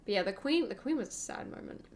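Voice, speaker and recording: A woman's voice: mid-range voice, lively intonation, fast, a little hiss or hum. A young woman, hosting a gaming channel and chatting casually over gameplay in a rambling way, full of fillers.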